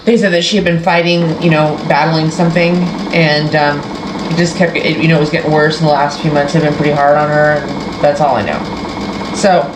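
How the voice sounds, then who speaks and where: A woman's voice: low voice, steady tone, a little fast. A woman hosting a sewing channel, chatting casually and rambling as she shows her quilting project. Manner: rambling, self-interrupting, chatty. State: tearful, emotional. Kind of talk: casual sewing vlog chat. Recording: echoey room with faint background noise.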